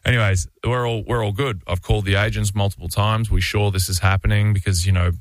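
Australian male athlete as radio guest, deep monotone, dry studio sound, rambling yarn. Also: fast talker, no echo. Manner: rambling, loose, with frequent "like" and restarts. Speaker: professional basketball player, radio guest. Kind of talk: casual storytelling anecdote.

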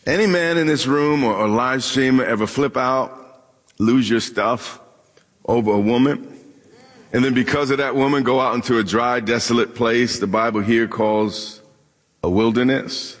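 Joking preacher in a reverberant hall. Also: male voice, mid-range voice, normal speed, a bit bright. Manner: humorous, talks directly to the congregation. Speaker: pastor. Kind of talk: sermon. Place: church hall with live audience.

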